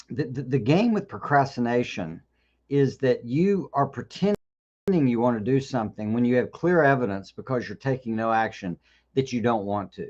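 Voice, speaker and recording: A man's voice: mid-range voice, darkish tone, highs cut off. A man hosting a live question-and-answer session, talking in a loose conversational way with frequent restarts and repeated words. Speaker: host. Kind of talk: live Q&A talk.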